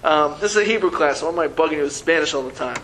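A man's voice: on the high side, rapid-fire, a bit bright, a little hiss or hum, rough recording. A man teaching a Hebrew reading lesson to a class, patiently sounding out syllables and teasing his students playfully.

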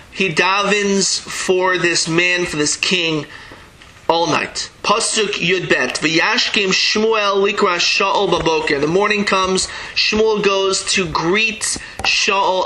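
Bright-voiced man teaching a Torah class. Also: high voice, low-quality recording. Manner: reads Hebrew verses then explains them in English, acting out the dialogue. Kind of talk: verse-by-verse Bible class.

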